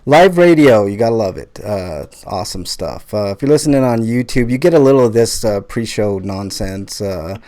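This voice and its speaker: A man's voice: lowish voice, lively intonation, normal speed, hardly any pauses, mellow. A man hosting a live podcast in casual chat, joking and swearing, with lots of fillers. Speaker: podcast host.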